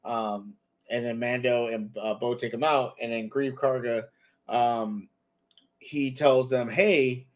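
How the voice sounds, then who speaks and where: A man's voice: medium pitch, fairly even intonation, slow. A man hosting a casual chat, retelling scenes and acting out the characters' lines. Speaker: podcast host. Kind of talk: casual show review chat.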